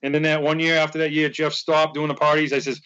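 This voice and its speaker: A man's voice: a little high, fast talker, clear, resonant tone, lo-fi sound. A man telling a long story in casual conversation, rambling and acting out what people said. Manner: rambling, animated, acts out quoted dialogue. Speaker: podcast guest, fan charity organizer.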